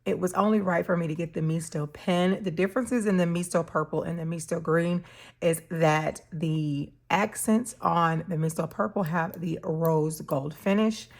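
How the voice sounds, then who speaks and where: On her stationery channel, a woman unboxes items and demos pens in a low voice with vocal fry. She keeps things casual and unhurried, with soft laughs along the way.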